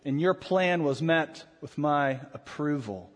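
A man preaching a sermon as pastor, animated and rhetorical, with dramatic pauses. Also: fairly high pitch. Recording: long hall reverb.

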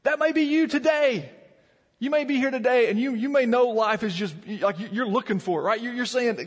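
Earnest pastor, high voice, hall reverb. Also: male voice, fairly quick. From Virginia mountains. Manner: earnest, repeats words when building emphasis. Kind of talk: sermon.

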